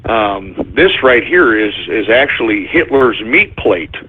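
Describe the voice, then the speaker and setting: A shifty middle-aged male junk seller, voiced by a man telling a story, drops into a low muttered pitch. The voice comes through husky and thin, like an old phone line. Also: animated, takes it slowly, exaggerated voice. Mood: smug.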